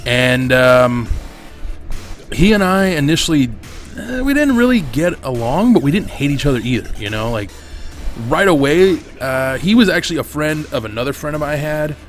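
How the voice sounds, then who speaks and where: A man's voice: fairly high pitch, sing-song, moderate pace, soft background music. A man hosting a gaming channel, telling a long personal story over his gameplay in a candid, swearing, rambling way, on a desk mic at home.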